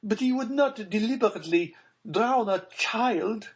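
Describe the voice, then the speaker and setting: Audiobook: grieving baroness, high and trembling, anguished pleas, voiced by a male narrator. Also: lively intonation, measured pace, husky, full character voice. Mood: pleading. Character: distraught noble mother, grieving baroness.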